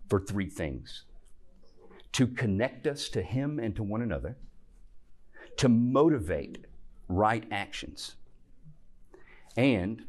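A man teaching a Bible class, explaining earnestly and stopping to restart his sentences. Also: low voice. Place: church classroom.

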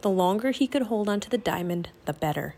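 A woman narrating a children's novel aloud in a steady, expressive storytelling manner. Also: medium pitch, fairly quick.

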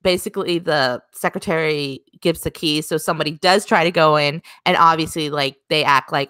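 Low-voiced woman retelling scenes. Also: steady tone, moderate pace, few pauses, a bit bright, clean tone, no room sound, clean studio sound. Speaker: podcast co-host. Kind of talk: casual chat, retelling drama scenes.

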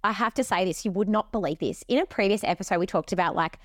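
A woman's voice: mid-range voice, quick pace, dry recording, clean studio sound. A young Australian woman co-hosting a podcast in casual chat, telling stories with casual swearing. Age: young adult. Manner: lively storyteller, swears casually. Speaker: podcast co-host.

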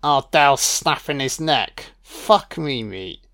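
A man's voice: medium pitch, animated, takes it slowly, gravelly, bright, forceful tone. A man giving a casual, profane audio commentary on a film, chatting loosely and laughing often.

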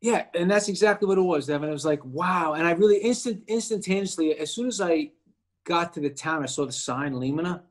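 An actor appearing as a guest, this man recounts a personal story in relaxed conversation, lively and imitating the voices of the people he quotes. His voice sits a bit high and he talks quickly.

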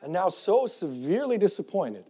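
Man, preacher, sermon to youth, fairly high pitch, mellow dark tone, fervent, scripture reading. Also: big pitch swings, moderate pace, breathy edge. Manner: builds from quiet reflective passages to loud fervent exhortation; reads scripture in King James wording, with repeated restarts. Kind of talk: sermon to young people.

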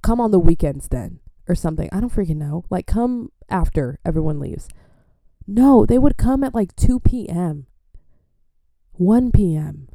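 A young woman from the United States telling self-mocking stories in a casual, animated way, acting out quotes. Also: lowish voice, a little slow, creaky, dry recording, clean studio sound. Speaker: vlogger. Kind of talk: casual storytelling.

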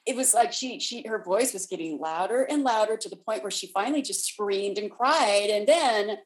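A woman's voice: mid-range voice, expressive, normal speed, poor audio. Storytelling woman co-host. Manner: storytelling, acts out voices in anecdotes. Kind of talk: casual spiritual chat.

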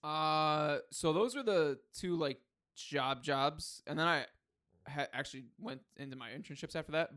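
A man's voice: on the high side, a bit bright. Young man chatting easily on a podcast. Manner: easygoing, filler-heavy chatter. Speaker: podcast co-host. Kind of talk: casual chat.

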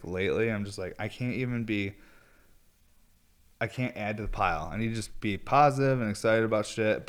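Laid-back, swearing young man rambling. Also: sits low. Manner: laid-back, profane, self-mocking. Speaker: vlogger. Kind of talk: casual rambling monologue.

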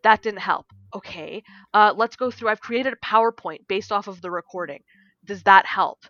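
A woman with a bright, clear voice tells a story on a casual podcast. She is animated, swears freely and acts out the dialogue herself. The recording sounds a bit dull and lo-fi. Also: medium pitch, normal speed, no room sound. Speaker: podcast co-host and game design teacher.

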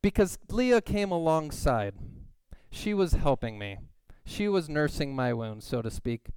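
Male pastor, mid pitch, smooth and resonant, close dry mic, lively storyteller. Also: unhurried, no room sound. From California. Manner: animated storytelling, acts out quoted voices. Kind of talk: sermon with personal story.

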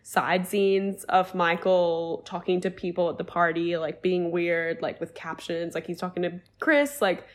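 A young woman co-hosting a podcast, retelling events in an animated, casual way with many fillers. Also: on the low side, unhurried, few pauses. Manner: animated storytelling, heavy use of "like". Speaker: podcast co-host. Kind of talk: casual chat.

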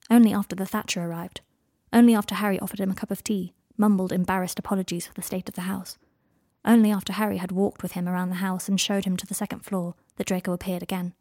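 A woman narrating fan fiction as an audiobook, with measured, unhurried phrasing. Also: medium pitch, mellow, no echo, studio quality.

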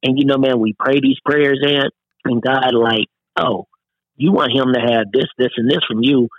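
A man's voice: medium pitch, moderate pace, no echo. Earnest middle-aged man, dull lo-fi sound. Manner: earnest, peppers speech with "man". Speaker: guest. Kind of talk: casual interview talk.

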